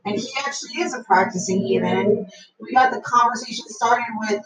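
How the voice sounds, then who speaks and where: A woman's voice: fairly high pitch, brisk. A woman co-hosting a casual talk, earnestly telling about her faith and a customer at work. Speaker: podcast co-host. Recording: echoey and distant with crowd noise.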